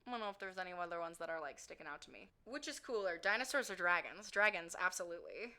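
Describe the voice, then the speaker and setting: A woman's voice: lowish voice, animated, quick pace, sharp tone. A woman in her twenties, chatting through viewer questions in a rambling, self-deprecating way, full of "like" fillers. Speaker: vlogger answering viewer questions. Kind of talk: casual Q&A chat.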